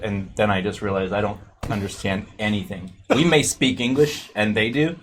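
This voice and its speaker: Deadpan joking man, comedy guest. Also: on the low side, fairly quick, few pauses, slight background noise. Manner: deadpan joking, playful asides. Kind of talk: casual comic interview chat.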